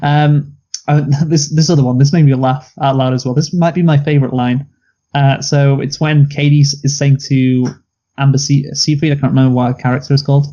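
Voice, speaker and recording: Mellow-voiced man, blunt film talk. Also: mid-range voice, level tone, a little fast, lo-fi sound. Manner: blunt, laughs at own picks, quotes lines. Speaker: movie review podcast co-host. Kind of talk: casual chat.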